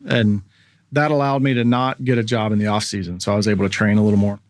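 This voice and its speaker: A man's voice: fairly low pitch, fast talker, dry recording. Guy around 40 spinning a story, acts out the people in it, dry close mic. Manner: animated storyteller, acts out quoted voices. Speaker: guest, former pro baseball pitcher. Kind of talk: casual storytelling interview.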